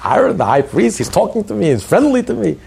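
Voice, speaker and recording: A man voicing a humble lowlife who is amazed that a great man treats him kindly, in a gravelly voice. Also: lively intonation, fairly quick, full character voice. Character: humble male town lowlife, amazed at kindness.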